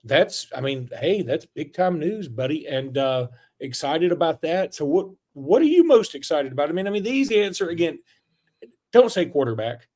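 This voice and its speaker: A man co-hosts a sports podcast in a casual, joking way and rambles through his points. His voice sits a little high. He slides from banter into sponsor reads without changing his relaxed manner. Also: normal speed. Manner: loose, joking, rambling with fillers. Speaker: podcast co-host.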